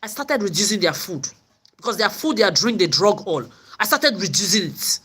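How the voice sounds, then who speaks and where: A woman's voice: medium pitch, big pitch swings, moderate pace, a bit bright, husky. A woman vlogger telling her story in an angry, profane rant, often repeating and stumbling over words. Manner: profane, repetitive stammering.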